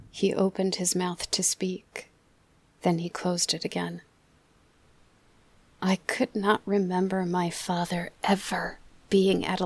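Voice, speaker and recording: A woman narrating an audiobook softly, often dropping into a whisper. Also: fairly low pitch, vocal fry, slightly rough. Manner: soft, often drops to a whisper. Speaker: audiobook reader.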